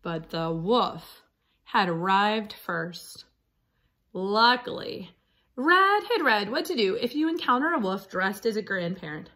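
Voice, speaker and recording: A woman reading a picture book aloud to children in a slow, animated storytelling voice. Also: mid-range voice. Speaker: storybook reader.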